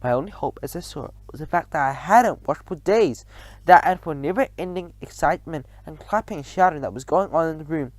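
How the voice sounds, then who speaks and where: Lively male storybook reader. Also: a little high, no room sound. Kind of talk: storybook reading aloud.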